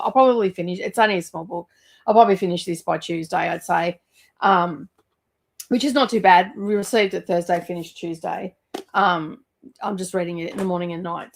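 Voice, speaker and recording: A woman's voice: on the low side, gravelly. A woman chatting casually about books as a vlogger, rambling with lots of fillers. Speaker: book vlogger. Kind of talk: casual chat.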